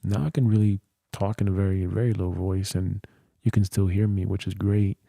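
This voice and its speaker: A man's voice: deep voice, little pitch movement, normal speed, vocal fry, mellow, no room sound. A tired man hosting a livestream, rambling and thinking aloud into a close studio mic. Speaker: livestream host. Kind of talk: casual livestream chat. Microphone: close studio dynamic mic.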